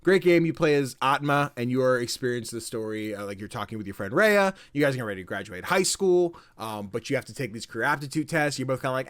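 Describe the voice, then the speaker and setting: A man's voice: medium pitch, fast, few pauses, dry recording, studio quality. A man co-hosting a podcast, telling game stories in casual chat, acting out quotes and swearing freely. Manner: animated storytelling, acts out quotes, swears casually. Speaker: podcast co-host.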